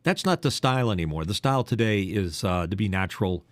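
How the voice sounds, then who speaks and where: A man's voice: lowish voice, animated, quick pace, no echo. An older man, a former radio DJ, co-hosting a casual podcast chat, teasing and telling stories with a trained broadcast delivery.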